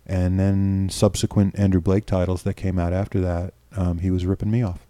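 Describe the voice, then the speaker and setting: A man's voice: sits low, flat delivery, moderate pace, warm tone, no room sound. A middle-aged man from New York, a filmmaker guest telling stories in a rambling, casual way with lots of restarts and some swearing, on a close podcast mic. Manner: rambling, repeats words and restarts, swears freely. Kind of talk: casual storytelling interview.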